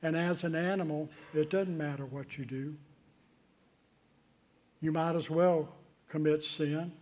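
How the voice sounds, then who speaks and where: A male pastor preaching a sermon in a measured way, with deliberate pauses between phrases. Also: on the high side, fairly even intonation, a little mellow. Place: church.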